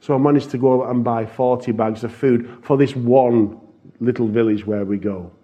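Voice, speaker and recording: A man's voice: medium pitch, fairly even intonation, normal speed. A man earnestly telling a congregation a testimony from his mission work, with some restarts along the way. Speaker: church missions speaker. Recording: dull lo-fi recording.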